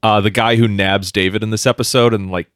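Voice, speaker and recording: A man's voice: fairly low pitch, steady tone, a little fast, a bit bright, smooth, dry recording, clean studio sound. A man co-hosting a podcast in casual chat, laid-back and a little hesitant. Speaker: podcast co-host.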